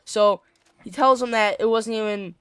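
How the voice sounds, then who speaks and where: A man's voice: sits high, steady tone, moderate pace, fairly bright tone, clean tone, dry recording. A teenage boy casually telling a story over gameplay, rambling with lots of fillers and casual swearing. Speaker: gaming channel host.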